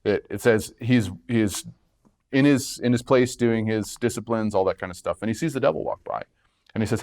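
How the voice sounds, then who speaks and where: A man telling stories in a relaxed conversation, acting out quoted lines and laughing often. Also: on the low side, fast talker. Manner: animated storyteller, acts out quotes, laughs often. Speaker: guest minister. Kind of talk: casual conversation, storytelling.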